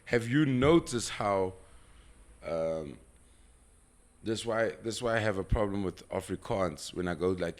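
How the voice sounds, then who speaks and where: A man from South Africa hosting a casual podcast chat, talking through his points at length with restarts. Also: medium pitch. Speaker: podcast host.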